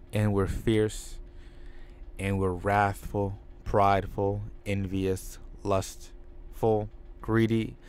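A man voicing a menacing male wrestling villain who gloats in a slow, low, drawn-out delivery. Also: darkish tone, clear, resonant tone.

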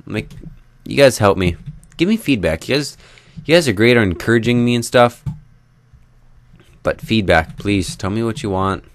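A man's voice: on the low side, animated, moderate pace, a little hiss or hum. A young man giving casual, rambling commentary over his own gameplay, chatting to viewers and joking about himself. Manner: rambling, self-deprecating, talks to viewers while building. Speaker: Minecraft let's play host.

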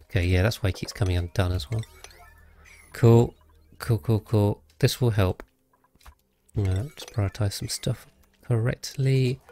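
Playing a game on a live stream, this man muses aloud and chats easily with his audience. His fairly low voice is steady, unhurried, and mellow.

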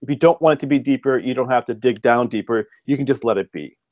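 A man's voice: mid-range voice, fast talker, a little mellow, no room sound, highs cut off. A man, a fiction writer, chatting as a podcast guest, telling stories with lots of ums and restarts. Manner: rambling, with frequent ums and restarts. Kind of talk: casual storytelling chat.

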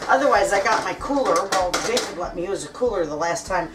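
This cooking vlogger is a middle-aged woman making casual, friendly kitchen talk with her audience as she cooks at home. Her mid-range voice moves with lively intonation at a fairly quick clip, picked up from a distance with background noise.

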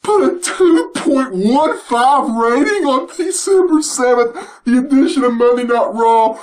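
High-voiced man ranting and swearing. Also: lively intonation, a little slow, poor audio. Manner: loud, mocking, laughing, swearing constantly. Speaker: vlogger. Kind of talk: profane rant to camera.

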